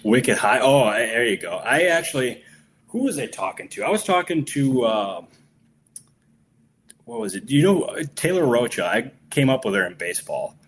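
A man co-hosting a podcast in casual sports chat, relaxed and loose. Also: medium pitch, normal speed, slight background noise. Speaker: podcast co-host.

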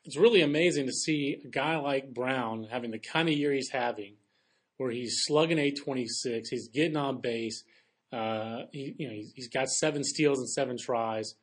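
A man hosting a sports podcast, talking in a quick, chatty way with playful asides. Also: mid-range voice. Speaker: podcast host. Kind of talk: casual sports chat.

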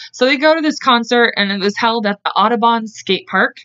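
This woman's voice is fairly high, a bit bright, and clean, moving at a moderate pace. Hosting a podcast from home, she tells a true-crime story in casual chat, acting out quotes in voices and laughing often. The recording comes through a dull lo-fi podcast mic.

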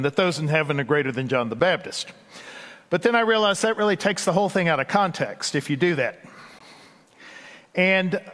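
Folksy Texan pastor, male, fairly high voice, preaching in a big echoing church. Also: a bit bright. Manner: conversational, folksy, with asides and quick bursts. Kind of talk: sermon. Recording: long hall reverb.

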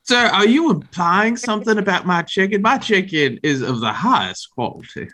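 A man voicing a folksy chicken seller with a chuck wagon and a hurt wing, speaking in a put-on accent and drawling with many pauses. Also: high-pitched, animated, bright, forceful tone. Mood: indignant. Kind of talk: tabletop role-play in character.

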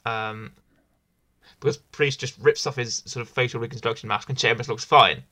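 A man's voice: medium pitch, moderate pace, bright, forceful tone. A man hosting a casual wrestling review podcast, rambling and enthusiastic, often repeating himself. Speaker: podcast host.

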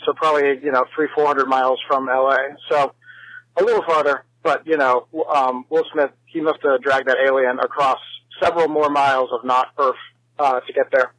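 A man's voice: a little high, fairly bright tone, dry recording, poor audio. A man leaving a rambling, wry voicemail message for a podcast, with many fillers. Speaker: voicemail caller.

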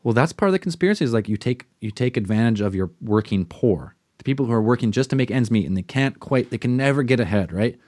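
A man's voice: mid-range voice, quick pace, hardly any pauses, no room sound, clean studio sound. Profane, ranting podcast man. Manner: profane, animated ranting with mocking put-on quotes. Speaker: podcast co-host. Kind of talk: casual podcast chat.

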